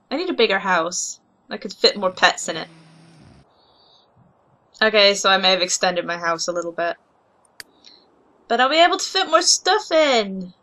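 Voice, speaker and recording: A young woman giving casual, excitable commentary while playing a life-simulation game, gushing over cute pets. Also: mid-range voice. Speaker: gaming video host.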